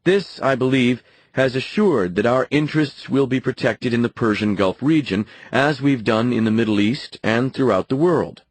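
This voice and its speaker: A man reading the lines of a tired, tense male president who gives a measured, evasive answer. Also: mid-range voice, no echo, close to an everyday voice. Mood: guarded.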